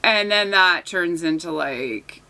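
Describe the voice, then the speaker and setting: A young adult woman vlogger telling a story in a chatty, animated way, with lots of fillers and restarts. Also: on the low side, takes it slowly. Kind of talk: casual storytelling vlog.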